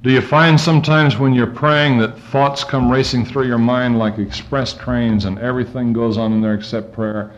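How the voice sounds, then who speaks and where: A man preaching a sermon, reading scripture aloud and swinging his pitch and volume up and down as he goes. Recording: dull lo-fi recording.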